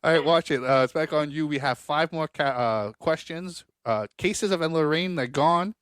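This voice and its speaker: A man's voice: fairly high pitch, moderate pace, a bit bright, dry recording, studio quality. Joking man hosting a quiz. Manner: joking, swears freely, reads questions aloud. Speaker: quiz show host. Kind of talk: casual game show chat.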